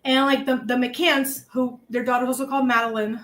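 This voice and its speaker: A woman with a Massachusetts accent chatting about a true-crime case, animated and worked up, swearing at times. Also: high-pitched, brisk. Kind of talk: casual true-crime chat.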